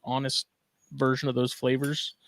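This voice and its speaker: A man's voice: medium pitch, level tone, normal speed, creaky, dry recording. A man co-hosting a casual podcast, talking in a laid-back, drawling way and reading news items aloud. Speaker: podcast co-host.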